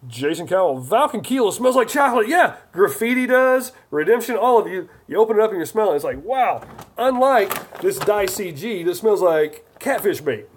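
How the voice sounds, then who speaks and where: A man's voice: sits high, sing-song, moderate pace, a little hiss or hum. A man hosting a casual live stream, chatty and jokey as he reads viewer comments aloud.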